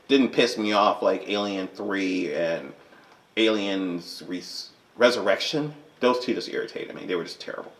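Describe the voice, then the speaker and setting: A man talking unscripted to the camera about his movie collection, rambling and animated, with frequent fillers and self-corrections. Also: fairly low pitch. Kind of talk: unscripted casual vlog.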